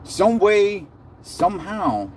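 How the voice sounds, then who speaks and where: A man's voice: high-pitched, big pitch swings, slow, darkish tone, a little hiss or hum. A man hosting a live stream, ranting in a heated, sarcastic way with slang and lots of repeated words.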